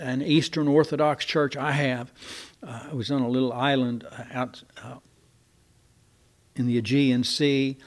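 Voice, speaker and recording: Older male preacher, folksy and digressive in delivery. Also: mid-range voice. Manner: folksy, digressive, with many restarts and asides. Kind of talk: sermon.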